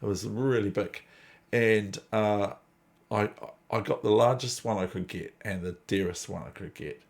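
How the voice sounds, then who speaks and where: Gravelly, rambling New man. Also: lowish voice, unhurried. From New Zealand. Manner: digressive, chatty, self-deprecating. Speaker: chess channel host. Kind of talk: casual rambling commentary.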